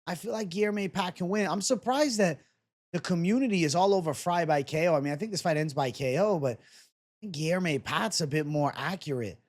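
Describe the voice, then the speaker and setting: A young man casually breaking down fight predictions and betting odds on his own show, joking and swearing as he goes. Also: fairly high pitch. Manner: casual, fast-talking, swears and jokes. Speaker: MMA betting analyst.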